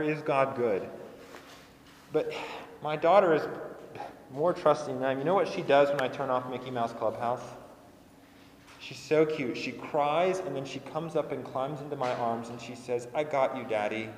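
A man's voice: medium pitch, a bit bright, a little hiss or hum. Young man preaching in an echoing hall. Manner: earnest and conversational, repeating phrases for emphasis. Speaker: pastor. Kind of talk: sermon. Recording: echoey hall with long reverb.

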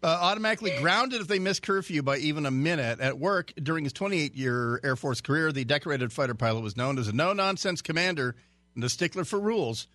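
A man's voice: on the high side, expressive, fast talker, pushed and bright, dry recording. A man guest-hosting a radio talk show, reading a news story in a chatty way with stumbles and jokey asides. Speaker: radio fill-in host.

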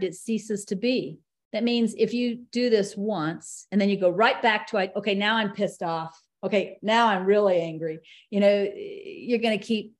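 Woman, spiritual teacher, casual talk, easygoing and conversational, slows to read. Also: mid-range voice. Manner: conversational, laughs easily, slows to read passages.

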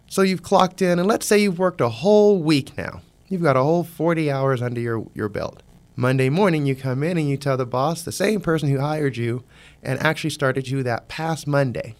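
Male host doing a casual solo monologue, speaks straight to camera, mid-range pitch. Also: lively intonation, fairly quick. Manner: acts out quoted voices; conversational, talks straight to the listener.

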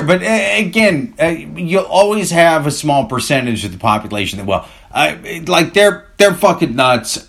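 A man's voice: medium pitch, fairly bright tone. A man co-hosting a podcast in casual chat, crude and joking, mocking corporate talk. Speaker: podcast co-host.

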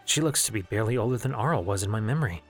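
A man voicing a wary young male hero, giving quick, low-key inner thoughts. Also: expressive, soft background music. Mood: dismayed.

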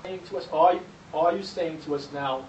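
A man with a slightly high voice asks searching questions from the audience. He sounds far from the mic in a roomy space. Faint noise sits under him. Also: a little fast, a little mellow. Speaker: audience member asking questions.

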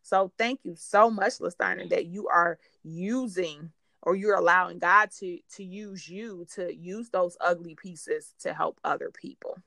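A woman with a lowish, creaky voice hosts a faith-based interview podcast, speaking unhurriedly with few pauses. She's warm and encouraging toward her guest, often restarting sentences and laughing. The audio is studio quality with no echo.

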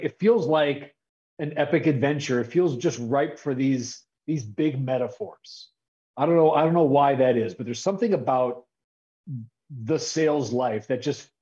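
Podcast co-host, man, slightly high voice, upbeat and playful, dull lo-fi sound. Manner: upbeat, animated, playful delivery. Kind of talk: casual podcast chat.

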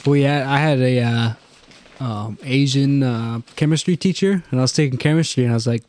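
A man's voice: medium pitch, fairly quick, a little mellow, no room sound. A young man telling a rambling story in casual chat, swearing a lot and filling gaps with "uh" and "like". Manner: rambling storyteller, heavy swearing, many fillers. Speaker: podcast co-host.

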